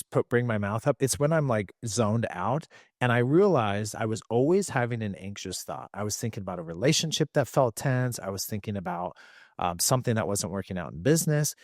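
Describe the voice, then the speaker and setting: A man's voice: lowish voice, no echo, clean studio sound. A man guest on a podcast, explaining behavior change earnestly through his own examples. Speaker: podcast guest, emotional health coach. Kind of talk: reflective interview talk.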